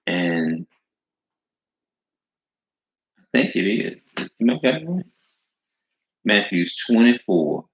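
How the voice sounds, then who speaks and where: A man's voice: on the low side, big pitch swings, unhurried. A man preaching informally and reading scripture aloud, emphatic and repetitive, in slangy speech that leans hard on stressed words. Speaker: street preacher. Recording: echoey room, dull lo-fi sound.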